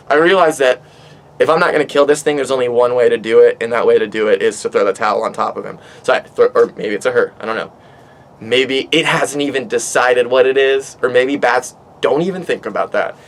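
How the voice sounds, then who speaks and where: A man vlogging from his back porch, telling a story in an animated, rambling way and swearing a lot. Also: mid-range voice. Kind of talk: casual storytelling monologue. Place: outdoors on a back porch by water.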